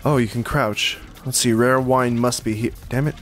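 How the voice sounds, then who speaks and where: A man giving casual commentary on a game, excitable and jumpy, swearing and laughing when startled, recorded at home on a desktop mic. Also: mid-range voice, normal speed, faint music behind. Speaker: let's play gamer. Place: room at home.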